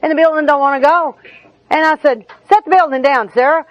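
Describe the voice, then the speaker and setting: Her voice is high and brisk as she shares homespun, comic stories about herself at a recovery meeting, frequently breaking into laughter. The middle-aged woman is captured dry, on a dull lo-fi track where the audience can be heard.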